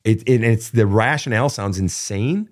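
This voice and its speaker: A man's voice: on the low side, moderate pace. A middle-aged man, a relationship counselor hosting his show, giving blunt, profane, emphatic advice in a casual monologue. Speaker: relationship counselor and podcast host.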